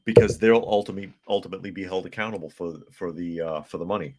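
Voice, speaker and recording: Low-voiced guy running a live news show, reads comments, snarky asides. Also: fast talker, darkish tone. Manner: reads news aloud, adds mocking asides. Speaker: podcast host.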